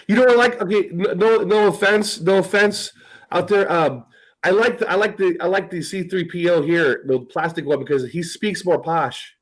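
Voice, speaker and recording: A man's voice: high-pitched, moderate pace, low-quality recording. A man hosting a podcast, chatting casually in a profane, rambling way and laughing often. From United States. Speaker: podcast host. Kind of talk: casual chat.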